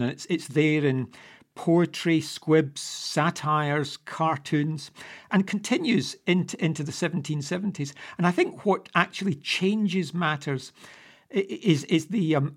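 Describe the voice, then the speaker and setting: A man talking as a guest historian, hesitant and full of stammered restarts. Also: fairly high pitch. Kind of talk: conversational discussion.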